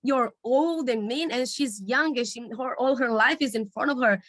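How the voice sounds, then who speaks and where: A woman's voice: sits high, moderate pace, fairly bright tone, no echo, pitched above the performer's own voice. A woman voicing a desperate merchant father who begs and pleads in distress. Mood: pleading distraught. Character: desperate middle-aged male merchant, a father.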